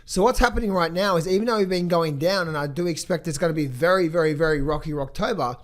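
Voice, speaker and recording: A hoarse man in his thirties or forties, a trading coach giving blunt, emphatic motivational talk and market commentary in a vlog. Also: on the high side, quick pace. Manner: emphatic, blunt, swears freely.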